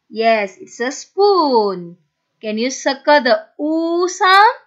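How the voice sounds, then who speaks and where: A woman's voice: high-pitched, sing-song, slow pace, a bit bright. A woman teaching a phonics lesson to children, sounding out letters one by one, repeating each word and praising the students. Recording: dull lo-fi recording.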